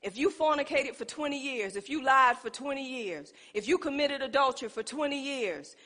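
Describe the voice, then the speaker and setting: High-voiced woman preaching. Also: expressive, moderate pace, sharp tone. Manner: emphatic call-and-response preaching. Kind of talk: sermon. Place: church sanctuary. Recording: long reverb in a church hall.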